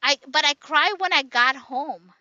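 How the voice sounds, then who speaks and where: A woman's voice: sits high, unhurried, pushed and bright, no room sound, highs cut off. A woman in casual chat, telling a long rambling story full of restarts and tag questions.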